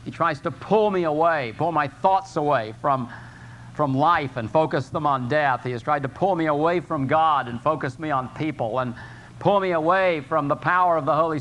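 An older man preaching a sermon as pastor, earnest, slowing and rising in pitch to stress scripture. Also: fairly bright tone. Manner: earnest preaching, rising for emphasis, slow drawn-out scripture quotes.

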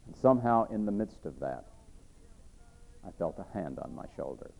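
A man preaching and telling his own conversion story in an earnest way, repeating himself, rising and then dropping to a hush. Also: deep voice, lively intonation, normal speed, creaky. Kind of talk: sermon testimony storytelling. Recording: tinny phone-like sound.

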